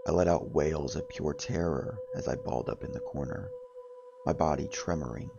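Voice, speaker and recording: Male horror narrator: low and gravelly, dramatic delivery over background music. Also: wildly swooping pitch, moderate pace, highs cut off.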